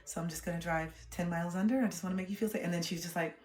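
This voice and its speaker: A young woman talks frankly to her stream in a fairly low voice. She moves from calm reflection to animated storytelling and swears freely. The room gives her voice a noticeable echo. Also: racing, slight background noise. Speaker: livestreamer. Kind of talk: candid casual livestream chat. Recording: roomy echo.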